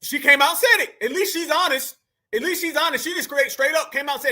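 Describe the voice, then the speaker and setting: High, bright-voiced emphatic male host. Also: quick pace. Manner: emphatic and preachy, keeps calling the audience fam. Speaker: commentary host. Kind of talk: reaction commentary.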